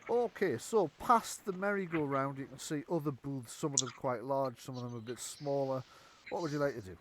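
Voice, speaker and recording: A man's voice: medium pitch, normal speed. A man running a tabletop game as game master, chatty and rambling, often correcting himself. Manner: chatty, rambling, lots of fillers and self-corrections. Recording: background hiss.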